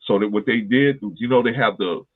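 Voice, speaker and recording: Speaking at a fairly quick clip in a medium-pitched voice, a man hosts a talk podcast and tells an earnest personal story. The chat is casual, with phrases repeated for emphasis, all heard through a tinny, phone-like line.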